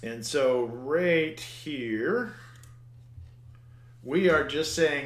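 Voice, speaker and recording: A man's voice: on the high side, lively intonation, drawn-out words, pauses often, echoey room. Man muttering through a coding lesson. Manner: thinks aloud, mutters at the code, restarts words. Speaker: programming instructor. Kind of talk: screen-recorded coding lesson.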